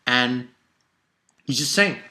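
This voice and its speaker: A woman casually reviewing a manga chapter on video, excitable and profane, rambling with restarts. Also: a bass voice, slow pace.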